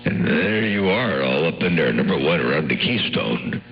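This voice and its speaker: Very deep-voiced folksy male radio operator. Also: very animated, moderate pace, creaky, lo-fi sound, a little hiss or hum. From US West Coast. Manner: folksy, drawling, radio lingo. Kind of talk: casual CB radio chat.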